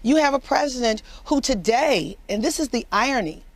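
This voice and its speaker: A fairly high-voiced woman commentator, speaking with emphatic passion as she argues a point on a news panel. She often repeats words to drive home what she says. Her voice sounds dry and close. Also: animated, normal speed, no room sound. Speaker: political commentator. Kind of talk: impassioned panel discussion.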